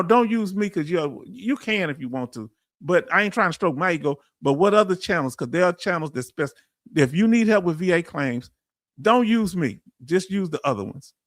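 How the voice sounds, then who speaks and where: Texan host, middle-aged, Southern drawl, fairly high voice, dry close sound, easygoing chat with viewers. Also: male voice, no room sound. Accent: Southern US, Texas. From Texas. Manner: folksy, animated, talks straight to the chat. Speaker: livestream host for veterans. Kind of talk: casual livestream chat reading the chat.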